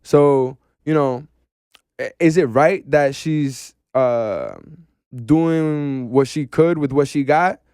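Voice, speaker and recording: A man talking casually as a podcast guest, animated and slangy, saying "bro" often. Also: fairly high pitch, takes it slowly, clean tone, dry recording, studio quality.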